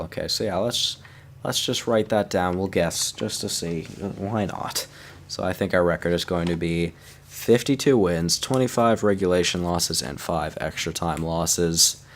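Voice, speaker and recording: Sleepy low-voiced young man gaming. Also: a little hiss or hum. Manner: sleepy, yawning, chatty. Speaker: gaming YouTuber. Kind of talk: casual gameplay commentary.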